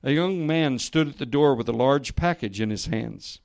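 A man preaching to a room of listeners, reading a story aloud and raising his voice for the quoted lines, then dropping low and soft for emphasis. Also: lively intonation, moderate pace, creaky. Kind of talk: sermon with a read-aloud story. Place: church or meeting room with listeners.

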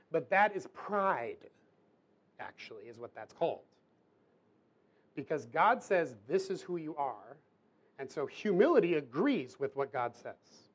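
A man preaching a sermon to a room, in a casual, chatty way with quick asides. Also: a little high. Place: church hall with audience.

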